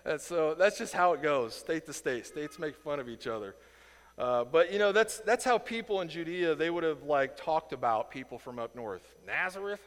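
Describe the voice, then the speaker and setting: A man from Indiana teaching a Bible lesson in a casual, animated way, acting out the people in the story and chuckling as he goes. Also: a little high, normal speed, in a large hall. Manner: animated, acts out quoted voices, chuckles.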